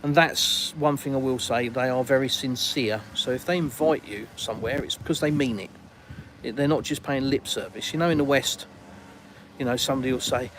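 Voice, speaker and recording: A man's voice: medium pitch, fairly quick, a bit bright, slight background noise, poor audio. An English man hosting a casual live stream outdoors in a garden, rambling and colloquial as he reads viewers' comments aloud. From England.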